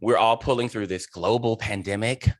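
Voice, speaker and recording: Effusive low-voiced man hosting an interview. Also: fairly even intonation, moderate pace, dry recording, studio quality. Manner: emotional, effusive, laughing. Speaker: host and director. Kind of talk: heartfelt interview introduction.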